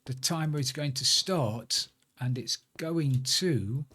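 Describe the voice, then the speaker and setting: A man's voice: mid-range voice, takes it slowly, bright, forceful tone, breathy edge. A man streaming a building game, muttering to himself as he works and chatting in asides. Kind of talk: casual live-stream chat while playing.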